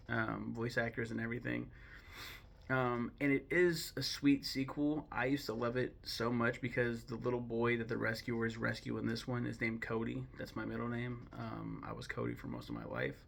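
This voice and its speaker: Gravelly young man, chatty film ranking. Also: mid-range voice, moderate pace, fairly bright tone. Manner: chatty, digressive, many ums and self-corrections. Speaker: host ranking films. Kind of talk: casual opinionated commentary.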